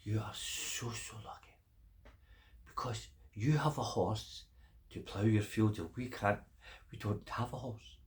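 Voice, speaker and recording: A man's voice: fairly low pitch, a little slow, lightly acted. An older man voicing a group of jealous male farmers in a pub, pressing their point over and over. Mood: envious. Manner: envious and insistent. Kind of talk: storytelling.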